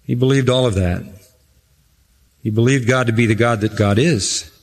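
A man's voice: mid-range voice, moderate pace. Emphatic man preaching in a reverberant hall. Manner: emphatic, repeats phrases for stress, varies pace. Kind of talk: expository sermon.

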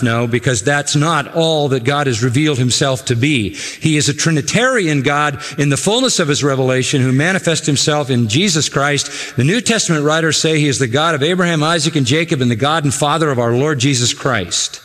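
A man preaching a sermon, emphatic, repeating key phrases with slow, deliberate stress. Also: on the high side, a bit bright. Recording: long hall reverb.

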